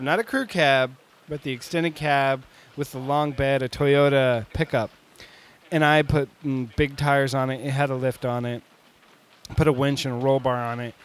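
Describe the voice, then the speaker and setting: A man in his forties telling a long story casually, animated and laughing often, with lots of filler words. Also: medium pitch.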